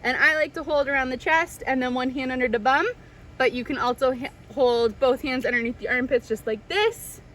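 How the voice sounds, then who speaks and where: A woman's voice: high-pitched, brisk, fairly bright tone, a little hiss or hum. A young woman, a swim instructor, giving tips to parents at a pool, switching into sing-song baby talk. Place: swimming pool.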